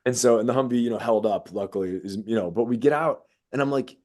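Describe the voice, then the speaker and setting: Male podcast co-host, ex-Marine, casual storyteller with a big, animated delivery. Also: quick pace. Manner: animated storyteller, jumps high when quoting people.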